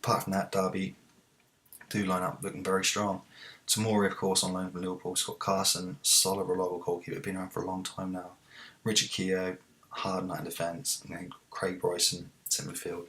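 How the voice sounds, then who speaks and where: Low-voiced man commentating a football game. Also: fairly quick. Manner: excitable, shouts at big moments. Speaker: gaming video host. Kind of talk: let's-play commentary.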